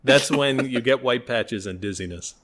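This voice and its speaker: A man's voice: mid-range voice, normal speed, a bit bright, slight background noise. A man co-hosting a casual chat podcast, rambling and laughing often. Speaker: podcast co-host.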